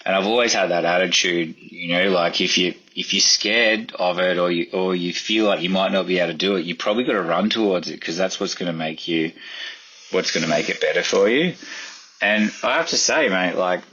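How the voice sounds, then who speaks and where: A very low, husky man, middle-aged, chatting loosely with plenty of fillers. His tone is bright and forward, and the recording sounds a little dull and muffled. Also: fairly quick. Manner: rambling, lots of fillers, acts out quotes in a higher voice. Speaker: chef and podcast guest. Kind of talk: casual interview storytelling.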